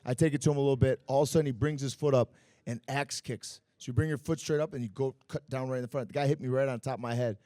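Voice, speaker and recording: Speaking rapid-fire, a man with a mid-range voice recounts his Muay Thai fighting stories in an informal podcast interview at a bar and grill. He's lively, swears freely and leans heavily on fillers. There's no echo on the recording.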